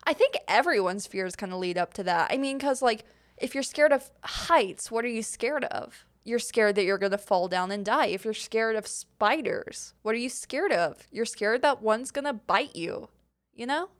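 A woman's voice: a little high, expressive, moderate pace. A young woman hosting a podcast, answering listener questions in a rambling, casual chat full of fillers and giggles. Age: young adult. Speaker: podcast host.

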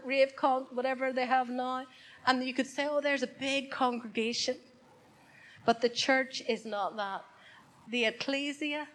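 Woman preacher, off-the-cuff sermon, leans on repeated phrases, voice on the higher side. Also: poor audio. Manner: unscripted, repeats key words for emphasis. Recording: church service, congregation present.

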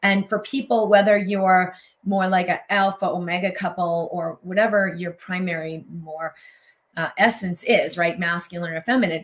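A woman's voice: on the low side, steady tone, normal speed. A woman speaking in a flowing, effusive way during a casual conversation. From United States. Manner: emotional, effusive, flowing speech.

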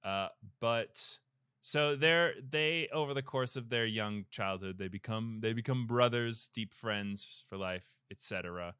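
A man hosting a podcast, casually retelling a film plot in a rambling way, with lots of fillers and quick asides. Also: mid-range voice, sharp tone, smooth, dry recording, studio quality. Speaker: podcast host. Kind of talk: casual movie recap chat.

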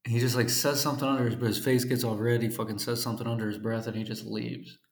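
A laid-back man swears his way through a funny anecdote in a relaxed, chatty tone. His voice sits at an ordinary mid pitch. The recording has a noticeable roomy echo. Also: fast. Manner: profane, laid-back, laughs through the telling. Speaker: English teacher. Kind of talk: casual comedic storytelling.

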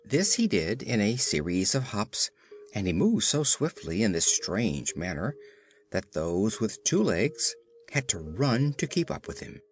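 A man's voice: fairly low pitch, big pitch swings, measured pace. A man reading a children's storybook aloud as narrator. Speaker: audiobook narrator. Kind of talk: scripted narration.

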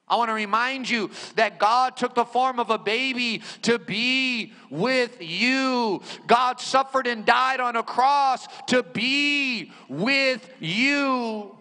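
A pastor preaching a sermon, rising into shouted bursts and dropping low and quiet for personal stories. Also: male voice. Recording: hall reverb.

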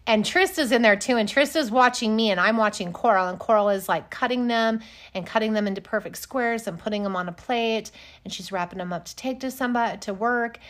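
A woman's voice: on the high side, a little fast, a bit bright. A middle-aged woman from Wyoming co-hosting a casual chat, telling stories with sarcasm and swearing freely. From Wyoming, United States. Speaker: podcast co-host.

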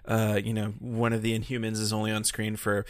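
A man's voice: fairly low pitch, completely flat delivery, fairly quick, smooth, no echo, clean studio sound. A man co-hosting a podcast in casual chat, rambling with many fillers and restarts. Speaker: podcast co-host.

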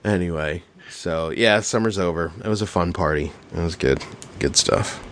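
A man's voice: low-pitched, moderate pace, slight background noise. A middle-aged man, a podcast co-host, telling stories in a casual, profane, laughing way. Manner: animated, profane, laughing storyteller. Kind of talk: casual storytelling chat.

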